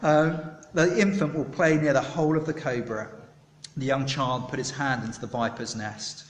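A man preaching a sermon, chatty and animated, polling his listeners for answers. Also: mid-range voice, moderate pace, slight background noise. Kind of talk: sermon with audience participation. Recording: echoey hall, long reverb.

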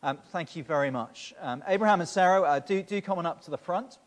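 A man's voice: sits high, fairly quick. A man preaching a sermon, speaking to the children directly and often repeating words as he starts phrases. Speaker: pastor. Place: church. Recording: long reverb of a church hall.

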